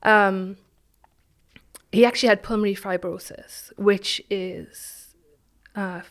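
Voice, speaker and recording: Woman guest on an interview podcast, middle pitched voice, thoughtful and halting, lots of restarts, trails off quiet. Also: steady tone. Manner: reflective, halting, with many restarts and soft trailing phrases. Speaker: guest, founder of an online business community. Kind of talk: personal storytelling in an interview.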